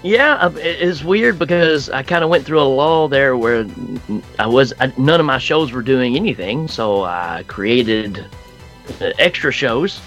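A man guesting on a podcast, rambling and joking in a relaxed, casual way. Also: mid-range voice, a little slow, soft background music.

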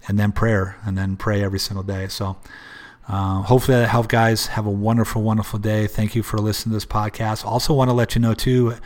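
A man's voice: fairly low pitch, level tone, fast talker. A man hosting a solo motivational podcast, earnest and repetitive, with many restarts, talking about prayer and faith. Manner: religious, speaks of prayer. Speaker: podcast host.

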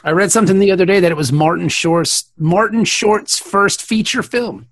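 A man's voice: high voice, moderate pace, dry recording. A man in casual joking chat, laughing often as he riffs on movies.

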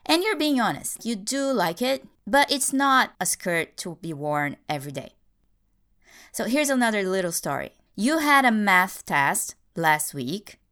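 A woman's voice: medium pitch, fairly bright tone, clear, resonant tone. A woman hosting a podcast English lesson, explaining grammar with little acted stories, speaking English as a Portuguese speaker. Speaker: English teacher, podcast host.

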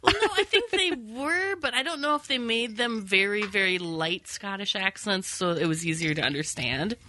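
A woman's voice: mid-range voice, animated, moderate pace, pushed and bright, slight background noise. A woman hosting a podcast, chatting casually about a film with a giggly, rambling manner. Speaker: podcast host.

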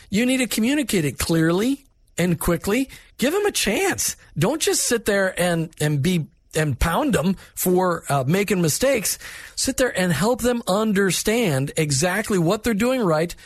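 A man's voice: high voice, no room sound. A man giving a direct, plainspoken talk with practical management advice, in an instructive, conversational way.

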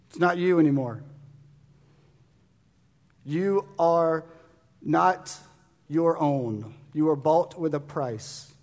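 Male pastor, high voice, fervent and urging sermon delivery, long hall reverb. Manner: fervent, urging, with sudden loud bursts and quiet drops. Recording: long reverb of a large room.

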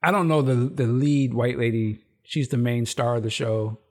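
This man speaks at medium pitch and a normal speed as he hosts a laid-back chat recapping a TV episode. Slang and cursing pepper his talk, and he acts out characters' lines in raised voices with animated storytelling flair.

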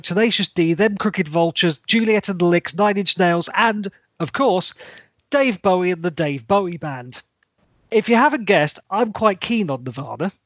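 A man's voice: sits high, dry recording, lo-fi sound. A man co-hosting a podcast, chatting enthusiastically and jokily, reeling off long lists of facts. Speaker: podcast co-host. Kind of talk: casual chat.

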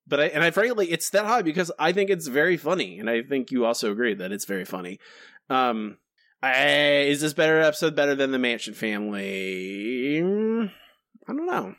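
A man's voice: medium pitch, lively intonation, a little fast, a bit bright, no room sound, clean studio sound. A man co-hosting a podcast in casual chat, jokey and self-deprecating. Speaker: podcast co-host.

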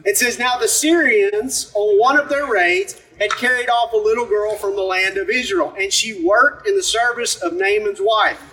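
A man's voice: high voice, moderate pace, hardly any pauses, pushed and bright, distant mic, a little hiss or hum, rough recording. A man from Alabama, preaching a sermon as pastor and talking to the congregation in a conversational way. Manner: conversational, asks the congregation questions.

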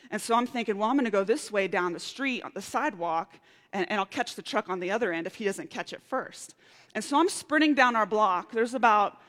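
A woman preaching a sermon, telling a personal story with lively, animated outbursts. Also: fairly high pitch. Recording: reverberant hall.

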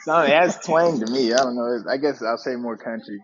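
A man's voice: medium pitch, brisk, crowd noise. Laid back guy from atlanta, kinda hesitant, lots of "like", slightly muffled sound. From Atlanta area, USA. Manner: relaxed, hesitant, says "like" often. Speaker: minor league pitcher. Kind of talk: casual interview.

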